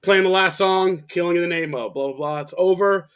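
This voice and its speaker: A man with a notably high speaking voice, chatting casually on a podcast. He tells a story in an animated, profane way and slips into quoted voices as he goes. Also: brisk, clear, resonant tone. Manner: animated, swearing, acts out quotes. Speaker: podcast co-host, bass player.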